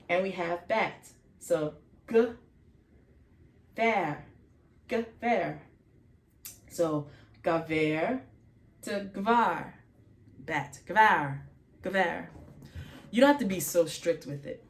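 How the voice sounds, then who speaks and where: A woman with a lowish voice walks through pronunciation at an unhurried pace. She sounds out each letter and repeats words again and again. The room gives her voice a noticeable echo. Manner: slow, repeats sounds many times, self-correcting. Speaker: faith channel host teaching vocabulary. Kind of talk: informal language lesson.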